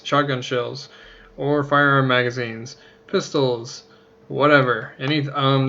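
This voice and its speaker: A man's voice: medium pitch, a bit bright, lo-fi sound. A man casually talking through a game tutorial, rambling, joking at his own expense and swearing now and then. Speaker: let's play host.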